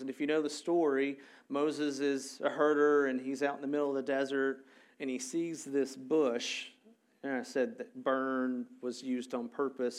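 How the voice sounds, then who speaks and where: A male pastor giving a sermon in a casual, animated storytelling way with frequent fillers. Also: medium pitch.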